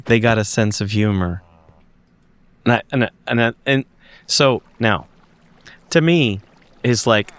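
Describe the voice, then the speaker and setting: A man in a podcast interview tells a personal story with emphatic insistence. He restarts his sentences often and gropes for words as he goes. His voice sits at an ordinary male pitch. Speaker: guest; investigator.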